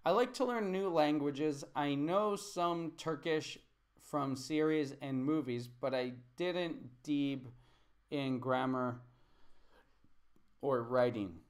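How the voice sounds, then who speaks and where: A man's voice: fairly high pitch, slow pace. A man teaching a live English lesson, patiently repeating words and correcting student sentences.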